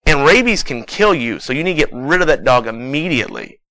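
A blunt, matter-of-fact doctor delivers hard news plainly, as a preacher voices him. The voice stays close to the man's own bright tone. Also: a little high, lively intonation, a little fast, dry recording, low-quality recording.

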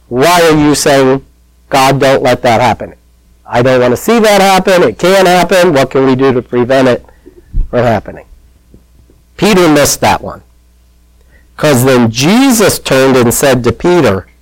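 A man's voice: fairly high pitch, dry recording, low-quality recording. A man preaching a conversational sermon, telling the story in a chatty, plain-spoken way.

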